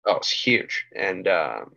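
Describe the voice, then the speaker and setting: A laid-back man with a low, gravelly voice, chatting casually on a podcast. He laughs along and often trails off. His mic sounds dull and muffled. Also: big pitch swings, slow, bright, forceful tone. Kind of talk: casual chat.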